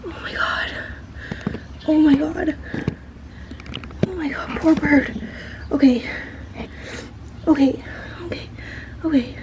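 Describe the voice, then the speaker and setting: Flustered high-voiced woman, shaky and breathless. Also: slow pace, pauses often, background noise. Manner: flustered, repeats herself, drops into whispers. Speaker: vlogger. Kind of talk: casual vlog filmed on the spot. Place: outdoors by a tree below an apartment. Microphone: handheld camera phone.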